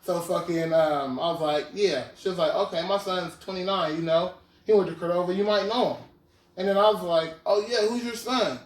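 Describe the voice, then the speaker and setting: His voice sits high and moves at normal speed as this podcast host, a man in his 20s, casually retells a story full of slang and repeated "you feel me" questions. The audio is roomy, picked up by a distant mic.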